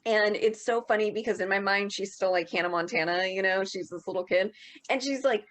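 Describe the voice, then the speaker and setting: A woman's voice: medium pitch, brisk, a bit bright. A woman co-hosting a podcast in casual chat, rambling with lots of filler words. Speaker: podcast co-host.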